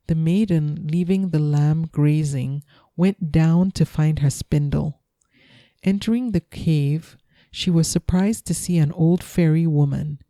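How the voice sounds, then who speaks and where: A woman reading a folktale aloud in a calm, soothing bedtime manner. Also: low voice, no room sound. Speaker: storyteller.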